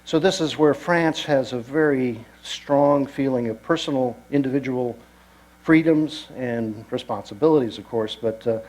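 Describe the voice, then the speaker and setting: A male lecturer talking to a room of listeners about the places ahead on a voyage. He speaks at an ordinary middle pitch and stops often, with frequent pauses and restarts. He drops in dry, wry asides. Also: darkish tone, low-quality recording. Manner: halting, with many pauses and restarts. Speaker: destination lecturer. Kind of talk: informal travel lecture to an audience.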